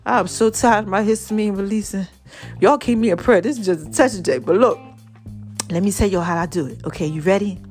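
A woman vlogger giving a casual inspirational talk to her viewers, animated and preachy, calling them baby and y'all. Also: medium pitch, brisk, faint music behind.

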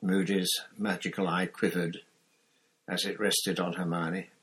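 Casting: low, husky male narrator, steady audiobook reading. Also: a little slow, low-quality recording. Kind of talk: scripted narration.

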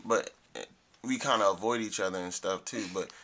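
A man guest on a podcast, telling stories in relaxed slangy casual chat. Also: lowish voice, normal speed, a little hiss or hum. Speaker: guest, musician.

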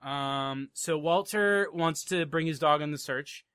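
A man's voice: a little high, a little slow, fairly bright tone, smooth, no room sound, clean studio sound. A young man co-hosting a podcast, chatting casually about a TV episode and acting out scenes with a lot of laughter. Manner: laughing often, acting out quotes in put-on voices. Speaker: podcast co-host. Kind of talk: casual chat recapping a TV episode.

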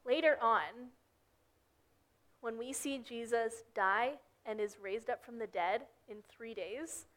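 A woman's voice: fairly high pitch, slow pace, a bit bright. A young woman giving a casual sermon, telling Bible stories and acting out the characters' lines. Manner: storytelling, acts out characters' lines. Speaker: preacher.

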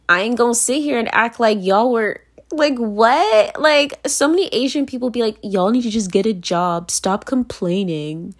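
A woman from Virginia talking straight to camera in a blunt, profane monologue, repeating phrases for emphasis and laughing between points. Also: mid-range voice. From Virginia, United States. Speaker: vlogger.

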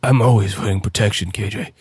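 A man's voice: fairly low pitch, fast talker, a little mellow, breathy edge, dry recording. A man voicing a creepy, smug male priest who talks in a fawning, sanctimonious way, in an improvised comedy sketch.

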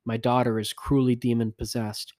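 A man reading the lines of a pleading foreign mother in a plain, even voice. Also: mid-range voice, normal speed, natural voice.

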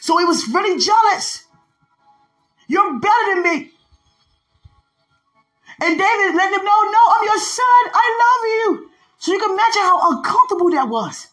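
A woman giving a devotional podcast sermon, retelling a Bible story with animated storytelling and acting out the characters' lines. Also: extremely high pitch, moderate pace, pauses often, faint music behind, poor audio. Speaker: preacher.

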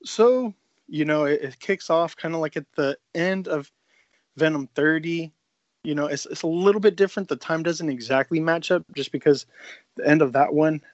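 A man co-hosting a podcast, excitedly recapping a comic story in casual chat, swearing freely and rambling. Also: on the high side, no room sound, highs cut off. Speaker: podcast co-host.

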